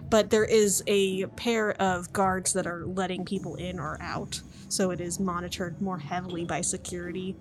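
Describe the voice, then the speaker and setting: A woman narrating as game master of a tabletop game, lively and often laughing. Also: lowish voice, normal speed, few pauses, slight background noise.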